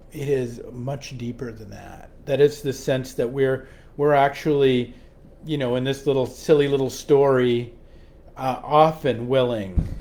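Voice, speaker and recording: A man's voice: medium pitch, darkish tone, a little hiss or hum. A man giving a sermon reflection as a pastor, often repeating words and restarting as he tells a story.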